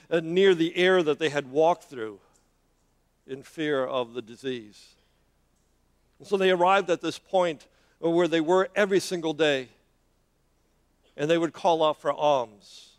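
Male preacher, high voice, dramatic storytelling sermon, halting delivery with repeats and fillers. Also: smooth. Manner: dramatic, with many hesitations and repeated words.

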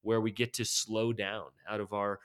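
A man's voice: on the low side, flat delivery, normal speed, fairly bright tone, clean tone. A man hosting a podcast interview, chatty and asking practical questions. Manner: conversational, asks practical questions. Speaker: podcast host.

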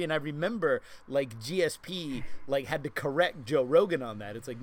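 A man's voice: on the high side, lively intonation, fast, few pauses, fairly bright tone. A man co-hosting a martial arts podcast, telling stories casually and laughing easily. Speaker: podcast co-host.

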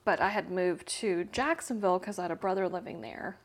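A woman's voice: lowish voice, brisk. A woman in her fifties from Central America, a guest telling her story in a casual, chatty way, full of fillers and light laughs. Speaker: interview guest.

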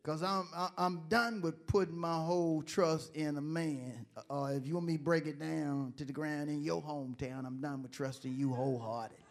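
High-voiced preacher calling out to his congregation. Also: steady tone, moderate pace, hardly any pauses. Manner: call-and-response preaching, rising to emphatic shouts. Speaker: pastor. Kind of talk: sermon.

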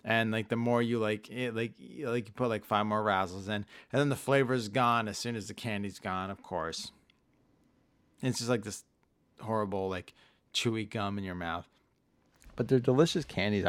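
A man's voice: fairly low pitch, fairly even intonation, moderate pace, a bit bright, clean tone, no room sound. Crude funny guy rambling on a podcast, dead dry room. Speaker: podcast co-host. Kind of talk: casual comedic chat.

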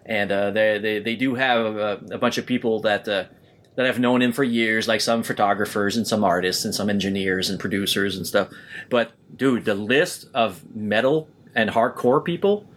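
A man co-hosting a podcast in casual chat, telling stories in an animated way, laughing often and restarting his sentences. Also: lowish voice, moderate pace, slight background noise. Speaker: podcast co-host.

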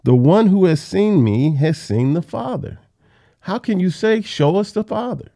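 An exasperated male teacher , put on by a man, pressing his followers with repeated, insistent questions. The voice sits high above a plain speaking pitch, with a mellow, gravelly grain, recorded close and dry. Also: lively intonation, measured pace, dry recording.

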